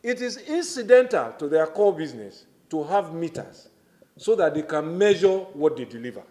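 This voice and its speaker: A Nigerian-accented government minister in middle age testifies formally at a public hearing, his voice slightly high, sing-song, and a little mellow. He places his emphasis in a measured, deliberate manner.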